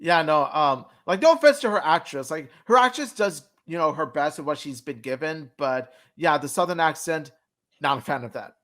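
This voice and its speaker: A man with a slightly higher voice co-hosts a cartoon review stream. He chats loosely and gives firm opinions, and his talk is full of fillers. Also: lively intonation, normal speed, fairly bright tone. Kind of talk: casual review chat.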